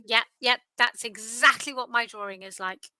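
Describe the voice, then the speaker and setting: A woman's voice: a little high, moderate pace, bright, forceful tone, a little hiss or hum, low-quality recording. A tired woman hosting a live quiz, chatty and self-deprecating. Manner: chatty, self-deprecating, sing-song repetition. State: tired, yawning. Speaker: quiz host. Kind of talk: casual quiz livestream chat.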